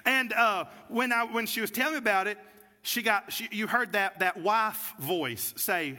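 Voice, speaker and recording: High, bright-voiced preacher in a hall. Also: male voice, moderate pace. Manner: storytelling, builds to preaching fervor. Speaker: pastor. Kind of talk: sermon. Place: church sanctuary.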